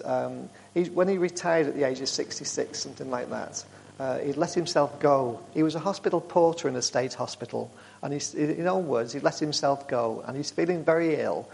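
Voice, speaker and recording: A man speaking to a church group, telling warm, rambling stories with frequent restarts. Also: mid-range voice, vocal fry, slight background noise. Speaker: charity speaker.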